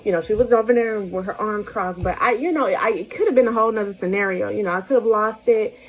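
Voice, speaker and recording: A woman's voice: medium pitch, fast talker, poor audio. A young woman, a single mother, telling viewers about her morning in a casual, chatty way, laughing often and reassuring them directly. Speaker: single-mom vlogger. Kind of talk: casual storytelling to camera.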